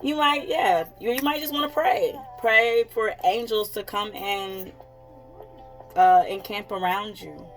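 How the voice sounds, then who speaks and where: A woman's voice: mid-range voice, a little slow, soft background music, poor audio. A woman in her thirties, a psychic coach, talking in a casual vlog, candid and blunt, swearing freely and often laughing. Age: 30s.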